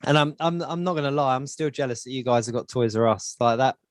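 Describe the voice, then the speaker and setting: A man's voice: medium pitch, fast, dry recording, clean studio sound. Chatty man co-hosting. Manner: chatty, rambling, repeats words while thinking. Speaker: podcast co-host. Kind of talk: casual podcast chat.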